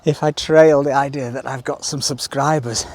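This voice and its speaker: Strolling a seaside village street with a handheld camera, this tour host narrates casually, poking wry fun at himself. He speaks in a mid-range, darkish voice at a moderate pace with fairly even intonation, and street noise carries in the background.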